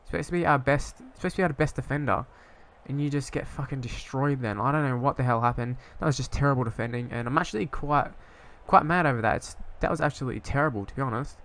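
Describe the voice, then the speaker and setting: A man's voice: mid-range voice, quick pace, fairly bright tone. A young man casually commentating on his own football management game, rambling and hesitant, breaking into sweary frustration. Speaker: gaming YouTuber.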